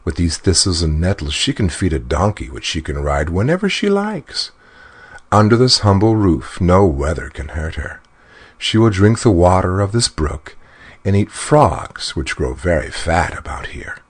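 A man's voice: low-pitched, big pitch swings, moderate pace, breathy edge, full character voice. A man reading a fairy tale aloud and voicing a smug, greedy little male dwarf with a sly, disdainful manner. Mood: boastful. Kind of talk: storybook narration.

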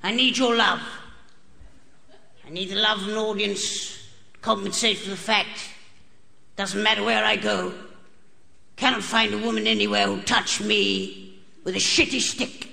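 A man performing a stand-up set in a strained, unusually high voice and a deadpan, grotesque absurdist delivery, recorded live on stage. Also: measured pace, vocal fry, long pauses. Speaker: stand-up comedian. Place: comedy club stage with a live audience. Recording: archive broadcast of a live show with hall reverb and audience laughter.

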